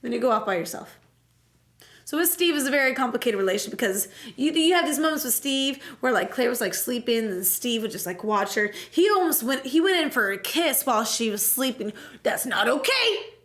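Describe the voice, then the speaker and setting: A young woman streamer giving a casual, jokey and profane recap of a game, telling it with animated energy. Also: fairly high pitch, fairly quick.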